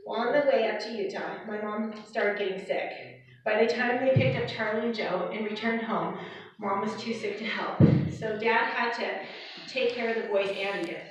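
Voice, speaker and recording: A woman reading a prepared eulogy for her father in a steady, scripted way. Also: a little high, moderate pace, a little hiss or hum. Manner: steady, read from a script, with light laughs. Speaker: daughter giving a eulogy. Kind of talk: prepared eulogy read aloud. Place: funeral service hall. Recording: echoey hall, far from the mic, dull.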